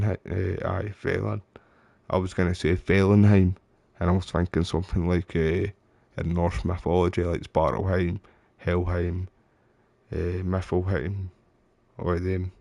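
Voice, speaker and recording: A man's voice: low-pitched, little pitch movement, measured pace, gravelly, dark tone, no room sound. A Scottish man streaming a game live, chatting away and getting frustrated, calling his viewers mate and bro. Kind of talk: live gameplay commentary.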